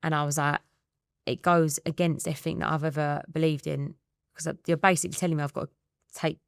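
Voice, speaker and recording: A woman in her thirties with an Essex accent, a guest telling her story in a candid interview, quick and acting out the dialogue. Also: low-pitched, fairly even intonation, creaky, clean tone, dry recording, studio quality. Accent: Essex English. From England. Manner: rapid storytelling that re-enacts dialogue.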